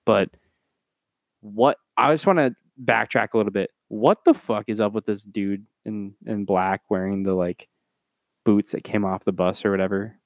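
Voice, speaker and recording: A man's voice: moderate pace, dry recording, dull audio. A man co-hosting a casual movie review podcast, swearing and exasperated as he recaps the plot. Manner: profane, exasperated, mimics characters in high voices. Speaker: podcast co-host. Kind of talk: casual film review chat.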